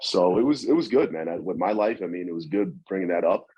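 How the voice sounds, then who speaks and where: A middle-aged man chatting as a podcast guest, his husky voice rolling quickly and loosely from one thought to the next. He restarts his sentences often and sits a little low in pitch. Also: expressive, warm tone, low-quality recording. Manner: quick, conversational, frequent restarts. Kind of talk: casual podcast conversation.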